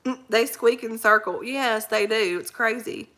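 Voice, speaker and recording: A woman's voice: a little high, unhurried, fairly bright tone. A woman hosting a casual live chat, greeting viewers by name, rambling in folksy slang and laughing often. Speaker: livestream host reading viewer comments.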